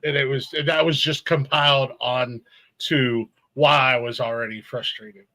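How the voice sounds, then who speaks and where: A man's voice: mid-range voice, fairly even intonation, a little slow, sharp tone, poor audio. A middle-aged man, co-hosting a casual podcast and telling heated, profane stories with bursts of laughter. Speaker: podcast co-host. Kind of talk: casual chat.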